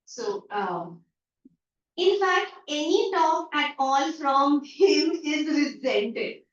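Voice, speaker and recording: High-voiced Indian English teacher, echoey call. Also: female voice, animated, very slow. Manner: explains by paraphrasing lines and acting out everyday remarks. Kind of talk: online class lecture explaining a story. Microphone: video call. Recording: echoey, distant, dull online-call audio.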